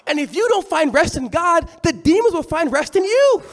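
A man preaching a sermon, telling the story in an animated, conversational way. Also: extremely high pitch, normal speed.

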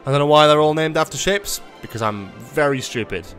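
A man's voice: a little high, a little fast, a bit bright, soft background music. A man casually commentating his own city-building livestream, swearing often, mocking himself and talking to his chat. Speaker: streamer playing a city-building game.

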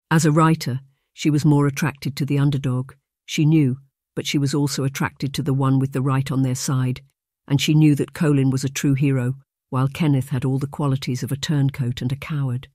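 Man narrating an audiobook, measured. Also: mid-range voice, warm tone, no room sound, studio quality. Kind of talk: scripted narration.

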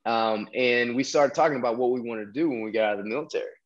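Talking fast in a medium-pitched voice, a man from the American South tells a long story during a casual podcast interview, rambling with lots of restarts and fillers. The audio quality is lo-fi.

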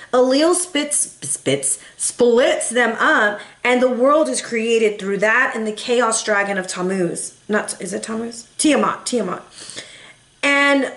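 A woman's voice: a little high, a bit bright. A woman in her thirties giving a casual, chatty tarot reading, emotional and full of rambling asides. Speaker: tarot reader. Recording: echoey room.

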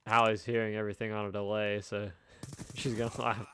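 Low-voiced young man telling a story. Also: flat delivery, a little fast, bright, forceful tone, a little hiss or hum. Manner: rambling storytelling with chuckles. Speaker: streamer. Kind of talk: casual chat while gaming. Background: faint video game gunfire.

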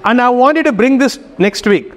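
A man's voice: extremely high pitch, lively intonation, normal speed, big-room sound. A man teaching a Greek class, giving instructions and often checking in with his students. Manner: instructive, keeps checking in with "okay?". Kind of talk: classroom lesson.

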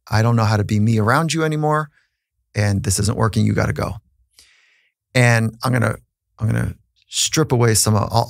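A man's voice: lowish voice, creaky, no echo, clean studio sound. A man who is a psychologist, telling a personal story in an earnest, reflective way on a podcast, with frequent restarts.

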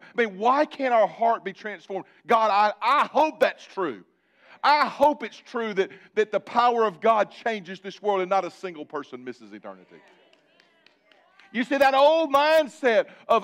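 A male pastor preaching a sermon, building repeated phrases and dropping into quiet asides. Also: sing-song, normal speed. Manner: preaching with sudden drops to a low conversational aside.

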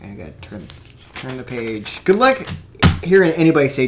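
A young man in his twenties talks to himself into a desk microphone. He rambles, curses, and drops jokey asides, and his voice swoops up and down with animated pitch. Faint noise sits under the recording. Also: a little fast. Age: 20s. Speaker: vlogger building a toy kit. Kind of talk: rambling casual monologue.

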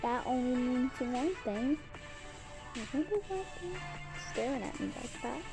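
A woman reading all the parts of a homemade drama, switching roughly between character voices. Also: high voice, lively intonation, a little slow, music in the background, low-quality recording.

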